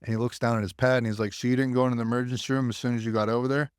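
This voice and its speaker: Racing along at medium pitch with little pitch movement, an American army veteran on a podcast swears freely as he candidly tells his story, acting out the voices he quotes. Clean tone, no echo, studio quality.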